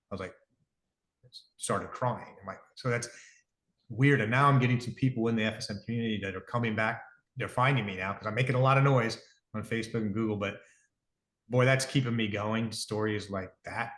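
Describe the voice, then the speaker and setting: Low-voiced middle-aged man in a roomy room. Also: a little fast, fairly bright tone. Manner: rambling, self-correcting, earnest. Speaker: guest, device company founder. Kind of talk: casual interview storytelling. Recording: roomy echo.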